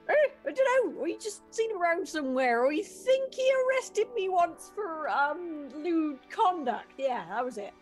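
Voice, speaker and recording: High, lively giggling woman player. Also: slow, soft background music. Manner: giggly, playful, in-character joking. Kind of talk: tabletop role-play banter.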